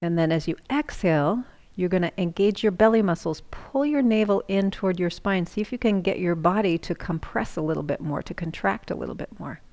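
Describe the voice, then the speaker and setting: A woman yoga instructor giving calm, slow breathing cues, sometimes dropping into a whisper. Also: on the low side.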